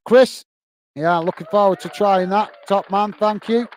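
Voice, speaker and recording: A man's voice: on the high side, smooth, dry recording. A man from England hosting a football watch-along, chatting casually and reading out viewer comments with friendly thanks. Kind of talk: casual live-stream chat.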